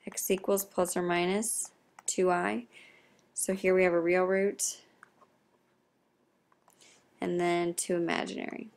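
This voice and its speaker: Quiet, half-whispering woman teaching math. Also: fairly low pitch, little pitch movement, takes it slowly, vocal fry, long pauses. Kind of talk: recorded video lesson.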